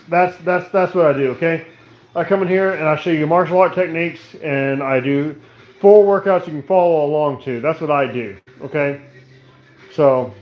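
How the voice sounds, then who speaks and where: A man hosting a casual livestream from his living room, relaxed and a little tipsy, rambling and repeating himself. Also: fairly high pitch, highs cut off. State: drinking, tipsy. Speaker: livestream host.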